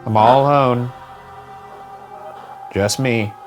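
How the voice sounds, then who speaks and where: A man's voice: medium pitch, fairly even intonation, very slow, soft background music. A man investigating a house on a ghost hunt, calling out to spirits in the empty rooms and reacting nervously. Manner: jittery, talks to the empty room, startled outbursts. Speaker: co-host, paranormal investigator. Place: inside a family house.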